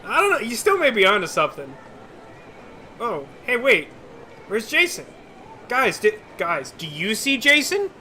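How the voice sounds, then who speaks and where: A man's voice: sits high, big pitch swings, measured pace, pauses often, bright, forceful tone, slight background noise. A man streaming a video game, joking and rambling to his viewers in casual commentary. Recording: game music playing behind.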